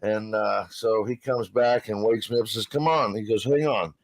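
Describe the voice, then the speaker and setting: A man's voice: lowish voice, moderate pace. A man on a live panel telling a long, rambling hunting story, swearing freely. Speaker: panel guest. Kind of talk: casual storytelling.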